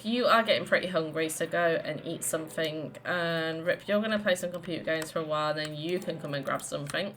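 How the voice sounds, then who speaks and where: A woman casually commenting on her life-simulation game, chatty and quick to exclaim, often voicing her characters' lines. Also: fairly low pitch, fairly bright tone. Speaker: let's play host.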